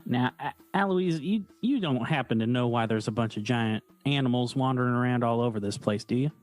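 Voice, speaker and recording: A man's voice: mid-range voice, a little fast, faint music behind, close to an everyday voice. A man playing a plain-spoken army private, talking in a folksy, rambling drawl full of fillers.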